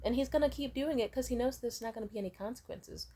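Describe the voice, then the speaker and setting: Gentle, caring girlfriend giving advice, voiced by a woman telling the story. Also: fairly high pitch, fast talker, breathy edge, pitched above the performer's own voice. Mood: gently persuasive.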